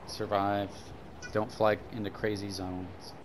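A man's voice: on the low side, flat delivery, slow pace. A man chatting casually with his squad while playing, laid-back and swearing, calling out plans to his friends. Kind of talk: casual gaming party chat. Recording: voice chat under loud game noise.

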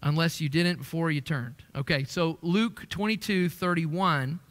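High-voiced preacher in an echoey church. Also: male voice, measured pace, fairly bright tone. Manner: conversational preaching, rising for emphasis on quoted verses. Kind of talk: sermon. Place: church sanctuary.

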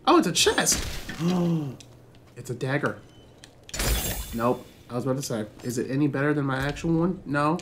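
Excitable young man narrating gameplay. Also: mid-range voice, normal speed, pauses often, noisy background. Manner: excitable, chatty, swears, reacts loudly to the game. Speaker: gaming channel host. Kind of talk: casual gameplay commentary.

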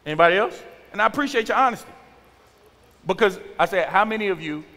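A man in his forties, a youth pastor giving an animated sermon and acting out teenagers' talk. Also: sits high, fast. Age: 40s. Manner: animated, acts out teen slang with exaggerated voices. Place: church sanctuary. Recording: large hall with long reverb.

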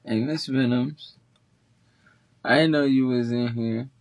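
A man's voice: mid-range voice, steady tone, unhurried, noisy background. A man chatting casually on a livestream, laid-back and thanking viewers by name.

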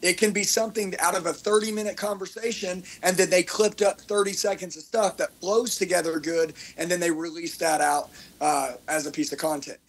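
A fired-up man with a husky, fairly high voice runs a motivational seminar. He talks intensely and preaches, often repeating his points and checking that the crowd is following him. His delivery sounds driven and insistent. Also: steady tone, brisk, hardly any pauses, low-quality recording. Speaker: speaker teaching content creation. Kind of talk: energetic motivational seminar talk.

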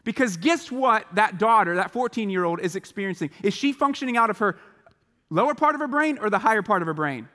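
A man giving a motivational chapel talk to students, animated and acting out the voices of the people in his stories. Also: high-pitched, a little fast, in a large hall. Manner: animated, acts out quoted voices. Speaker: chapel speaker. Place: large school chapel hall.

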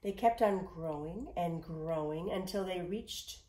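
A woman reading a storybook aloud in an expressive way. She sometimes drops to a whisper and speaks directly to the listener. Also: lowish voice, unhurried, roomy sound.

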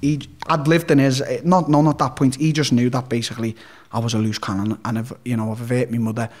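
A man's voice: medium pitch, level tone, fast talker, darkish tone. A young man with a Liverpool accent, a podcast guest telling his life story bluntly, swearing heavily and restarting sentences often. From Liverpool, England. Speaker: interview guest. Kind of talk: candid storytelling in a podcast interview.

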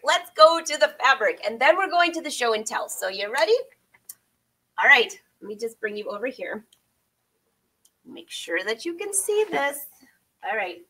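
A woman's voice: a little high, bright, forceful tone, poor audio. A middle-aged woman chatting casually with viewers from her sewing studio, rambling and laughing often. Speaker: sewing vlogger and pattern designer. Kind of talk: casual live chat with viewers.

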